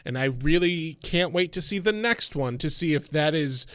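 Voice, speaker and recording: A man with a somewhat high voice co-hosts a casual podcast review, cursing freely as he picks apart weak plotting. His voice is recorded close and dry, with no room sound around it. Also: lively intonation, normal speed, fairly bright tone, dry recording. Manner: profane, exasperated critic. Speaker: podcast co-host.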